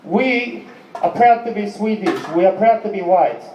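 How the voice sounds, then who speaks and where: A man's voice: high-pitched, lively intonation, unhurried, darkish tone, recorded from a distance, a little hiss or hum. A man quoting a stiffly polite neo-Nazi. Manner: stiff, formal, overly polite. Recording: echoey dull club recording.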